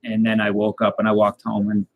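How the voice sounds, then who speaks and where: A man telling a tall tale in a rambling, deadpan way, with many fillers and restarts. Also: fairly low pitch, brisk, rough recording. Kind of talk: casual tall-tale storytelling.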